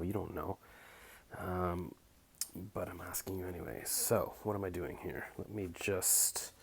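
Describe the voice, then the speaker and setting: A man's voice: low-pitched, gravelly, slight background noise. A middle-aged man rambling through a casual recap of his day, filmed on a phone while tidying his bedroom. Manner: rambling, chatty, self-mocking. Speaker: vlogger. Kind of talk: casual daily recap vlog. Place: bedroom at home. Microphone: phone camera.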